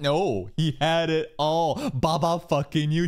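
A man's voice: fairly high pitch, normal speed, few pauses. A man streaming, reacting to an anime with loose, profane casual commentary. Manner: swears loosely, animated.

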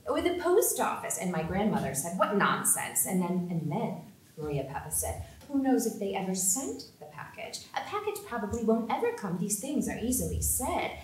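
A woman's voice: mid-range voice, sing-song, moderate pace, a little hiss or hum, close to an everyday voice. An actress playing a young woman who tells her family's story, mimicking the neighbors with amused emphasis, recorded from afar in a roomy theater. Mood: lively. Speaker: actor in a staged play reading. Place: theater stage. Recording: roomy hall sound, mic far off.

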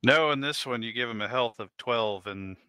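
A man's voice: medium pitch, moderate pace, bright, forceful tone, clear, resonant tone, no room sound. A man playing in a tabletop game, talking bluntly and swearing freely. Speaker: player. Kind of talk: casual tabletop game chat.

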